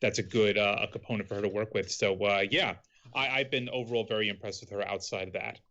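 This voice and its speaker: A man co-hosting a wrestling podcast in casual chat, measured and agreeable, filling pauses with um and you know. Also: fairly low pitch, steady tone, pushed and bright, dull audio. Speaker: podcast co-host.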